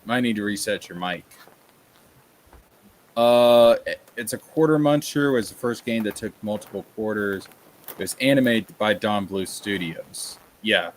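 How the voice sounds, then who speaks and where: A man's voice: fairly low pitch, unhurried. A man from Tennessee, chatting casually on a livestream, ranting and reading chat aloud. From Tennessee, USA. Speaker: streamer.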